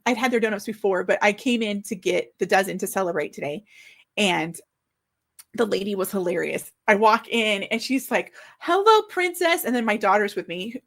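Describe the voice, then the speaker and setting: A woman in her forties, an author hosting her own book launch livestream, chatting casually in an excited, slightly flustered way. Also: medium pitch.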